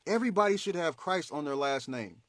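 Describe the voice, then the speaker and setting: Animated, preachy man talking to viewers. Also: a little high, a little fast, no echo, clean studio sound. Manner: animated, preachy, slangy and conversational. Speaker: host. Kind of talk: motivational faith talk to viewers.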